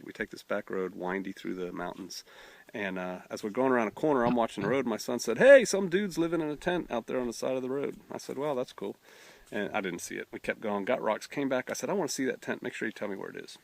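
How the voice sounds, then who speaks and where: Male pastor, middle-aged, folksy storyteller, gravelly, dry close sound. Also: medium pitch, fast talker, no echo. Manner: folksy, drawling, acts out voices in his story. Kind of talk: storytelling testimony.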